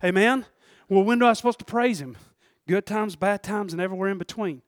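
A man preaching a sermon in a fervent, folksy way, moving between loud outbursts and hushed asides and chuckling often. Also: high voice, a little fast, dry recording, studio quality.

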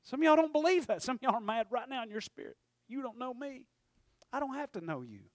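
A man preaching a sermon in church, talking in quick asides and rising to sudden shouted peaks. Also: extremely high pitch, very animated, no echo, studio quality. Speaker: pastor.

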